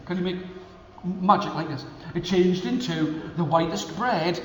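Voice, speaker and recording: A male storyteller telling a folk tale to children, animated and coaxing them to join in with actions. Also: sits high. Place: school hall. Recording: echoey hall, faint room noise.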